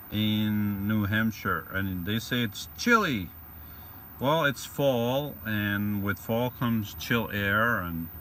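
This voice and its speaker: Man, vlogger host, rambling and joking, tense bright tone, faint vehicle noise. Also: fairly low pitch. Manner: rambling and joking, greets viewers by name. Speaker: livestream host reading viewer comments. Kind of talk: casual live-stream chat. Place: van or vehicle.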